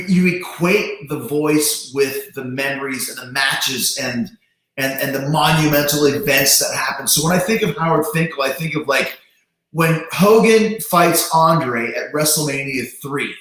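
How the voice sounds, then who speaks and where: A man hosting a casual livestream chat, talking animatedly with quick restarts. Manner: animated, restarts, imitates voices with big pitch jumps. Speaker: host. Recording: very echoey room.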